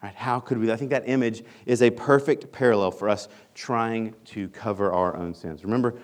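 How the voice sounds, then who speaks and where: A man preaching a sermon on confession, emphatic, often checking in with "right?". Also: normal speed. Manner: emphatic, repeats "right?" to the congregation; acts out sample confessions in a higher voice.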